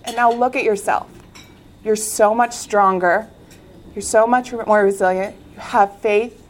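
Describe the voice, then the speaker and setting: Woman giving an inspiring faith talk, earnest and animated, bit high voice. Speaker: speaker, former Olympic swimmer.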